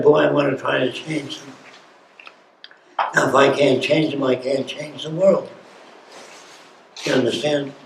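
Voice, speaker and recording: A man's voice: fairly high pitch, a little mellow. A man in his nineties, an interview guest, tells stories emphatically and keeps asking the listener rhetorical questions. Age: over 90. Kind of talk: storytelling in an interview. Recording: roomy with faint noise.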